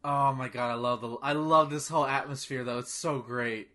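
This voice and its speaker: A man co-hosting a casual movie watch-along, excitable and swearing freely, often laughing. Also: medium pitch, fairly quick. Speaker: movie commentary co-host. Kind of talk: casual chat.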